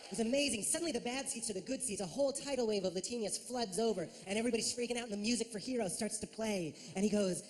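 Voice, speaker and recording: Woman, stand-up comedian, animated storytelling, slightly high pitch, background noise. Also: rapid-fire, hardly any pauses. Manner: animated storytelling with acted-out voices.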